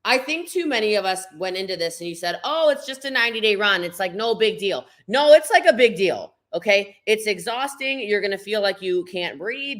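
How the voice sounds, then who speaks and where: A woman's voice: medium pitch, bright, forceful tone. A woman gives live motivational business coaching. She talks straight to her viewers, blunt and emphatic, repeating words to drive each point home.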